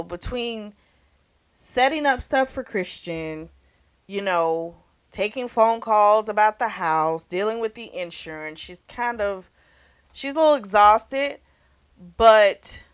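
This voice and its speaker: A woman's voice: mid-range voice, clean tone. Chatty woman casually recapping a book. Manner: chatty, loose and frank, with frequent "you know" and "like" and some cursing. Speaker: book club vlogger.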